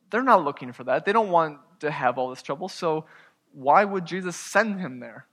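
A man preaching a sermon as pastor, earnest, moving between loud emphasis and quiet, hushed asides. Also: a little high, long reverb tail.

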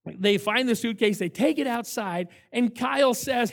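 An older man, a camp director, giving a sermon full of stories, emphatic and animated as he acts out what people said. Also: extremely high pitch, measured pace, creaky. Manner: animated, emphatic storyteller who acts out quotes. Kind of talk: sermon with storytelling.

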